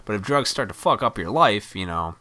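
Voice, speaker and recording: A man's voice: lowish voice, lively intonation, a little fast, bright, forceful tone. A man casually telling a rambling personal story with lots of swearing, and often laughing at himself. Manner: rambling, profane, laughs at his own story.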